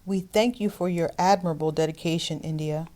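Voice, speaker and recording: A calculating woman hospital chief, put on by a male storyteller, speaking in a mellow, syrupy tone that thinly covers her icy calm. Her false sympathy hides a snake-like patience, all in a storybook reading. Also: high-pitched, measured pace, voice pushed up. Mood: impassive.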